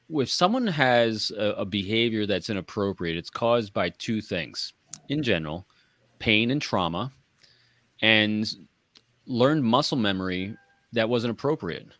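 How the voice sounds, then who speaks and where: A man's voice: fairly low pitch, animated, measured pace, a bit bright, no room sound. Earnest New York man co-host. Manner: earnest, advice-giving. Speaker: podcast co-host. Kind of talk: casual panel chat.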